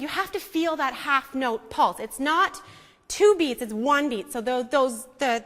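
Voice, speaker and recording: High female music teacher, coaxing manner, recorded on a distant mic in a reverberant hall. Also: a bit bright. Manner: teacherly, coaxing, checks in with "okay?" and "right?". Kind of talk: music lesson to an audience. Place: church hall. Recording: echoey hall, imperfect sound.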